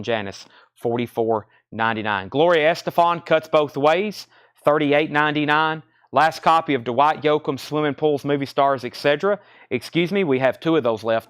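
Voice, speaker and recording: A man's voice: on the high side, a bit bright, smooth, dry recording, clean studio sound. Breathless man running a live record sale. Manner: brisk, matter-of-fact auctioneer patter. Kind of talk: live sales stream, rattling off prices.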